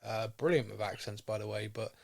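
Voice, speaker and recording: A man's voice: fairly low pitch, brisk, gravelly, a little mellow. A man co-hosting a podcast, chatting in a casual, rambling and enthusiastic way. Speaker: podcast co-host. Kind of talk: casual chat.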